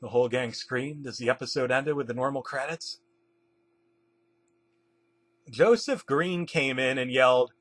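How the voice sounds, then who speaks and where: A man narrating a comedic creepypasta in a deadpan storytelling manner. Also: medium pitch, moderate pace, hardly any pauses.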